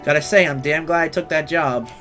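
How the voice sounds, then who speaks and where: Man reading as a laid-back gruff young guy, relaxed, steady, highish voice, faint music. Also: moderate pace, close to an everyday voice. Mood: easygoing. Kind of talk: reading game dialogue aloud.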